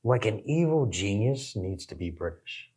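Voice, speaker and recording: A man's voice: on the low side, moderate pace, husky. An American man hosting a reaction video, chatting casually and rambling with lots of fillers. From United States. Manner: rambling, animated, many fillers and restarts. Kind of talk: casual chat.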